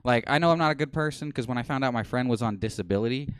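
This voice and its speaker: A man in his twenties doing a deadpan, self-mocking stand-up set on a small comedy stage. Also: medium pitch, rapid-fire, clean tone. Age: 20s.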